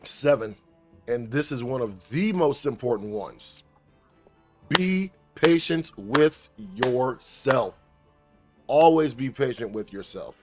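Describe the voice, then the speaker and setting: While playing a game, a man with a slightly mellow, medium-pitched voice hands out laid-back advice as a gaming guide creator. He swears occasionally and trash-talks whatever he's fighting.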